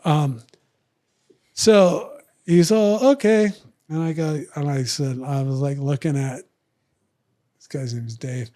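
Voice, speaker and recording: An older man telling a long, rambling story as a podcast guest, jumping into the voices of the people in it and trailing off quietly at the ends of asides. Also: mid-range voice, fairly even intonation, a little slow. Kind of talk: casual storytelling.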